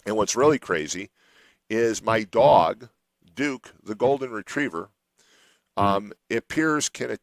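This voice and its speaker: A man's voice: fairly low pitch, expressive, unhurried, no echo, low-quality recording. A middle-aged man hosting a radio show, telling a long personal story in a rambling way with many restarts.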